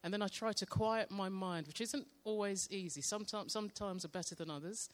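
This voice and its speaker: A woman sharing a calm devotional testimony and leading a slow, meditative guided prayer. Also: medium pitch. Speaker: church member sharing testimony.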